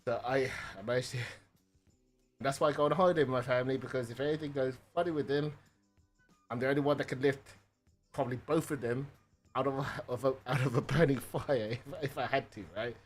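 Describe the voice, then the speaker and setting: Male streamer, home setup, mid-pitched voice, rambling animated storyteller, faint music under him. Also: a little fast. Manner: rambling, animated, swears, keeps adding "right?". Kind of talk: casual storytelling.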